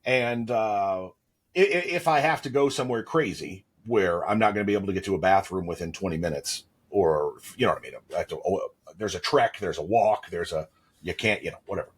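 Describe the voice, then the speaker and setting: This podcast co-host, a man in his thirties, chats casually and rambles through stories with playful asides. He has a deep, slightly rough voice and talks a little fast.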